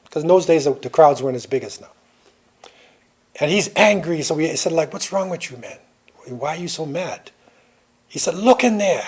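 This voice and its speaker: Older guy teaching a class, kinda high voice, keeps saying right? as he tells stories. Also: dark tone. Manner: storytelling, checks in with "right?". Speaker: lecturer. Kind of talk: classroom lecture.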